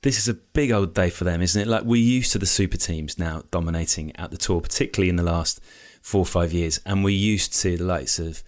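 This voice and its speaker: Deep, measured man hosting a podcast. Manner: measured, diplomatic, steers the conversation. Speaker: podcast host. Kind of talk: casual podcast chat.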